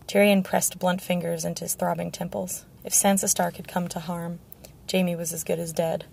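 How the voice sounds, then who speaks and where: A woman reading a fantasy audiobook in a steady, measured narration with a gravelly voice. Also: fairly low pitch, slight background noise. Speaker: audiobook reader.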